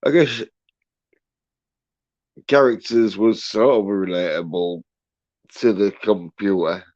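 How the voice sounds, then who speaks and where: A man's voice: fairly low pitch, slow, a little mellow, no room sound, muffled recording. A man hosting a livestream, ranting in a rambling, profane way with many fillers and restarts. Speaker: livestream host.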